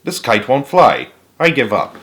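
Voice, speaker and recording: A man's voice: medium pitch, huge pitch swings, measured pace, a bit bright, heavily acted. A man voicing a fretful, easily discouraged little male toad in a storybook reading.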